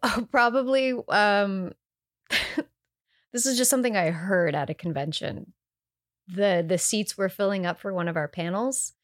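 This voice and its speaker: A woman in her thirties, an actress guest in a casual interview chat, who laughs easily and thinks out loud as she talks. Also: medium pitch, measured pace, no room sound, clean studio sound.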